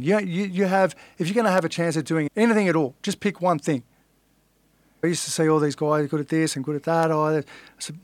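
Middle-aged Australian man, somewhat high voice, blunt storyteller who swears and acts out quotes, dry close mic. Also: steady tone, fast, no echo. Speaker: podcast guest, fighter. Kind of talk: casual storytelling.

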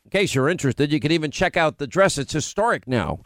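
A man's voice: on the high side, expressive, a bit bright, no echo. A man from Long Island with a faint New York accent, hosting a radio talk show in casual, bantering chat. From Long Island, United States. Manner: chatty, bantering, quick asides.

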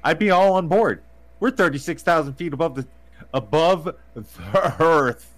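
A man's voice: on the high side, animated, measured pace. A man co-hosting a podcast in casual banter, laughing often and swearing freely as he rants. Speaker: podcast co-host. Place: podcast recording.

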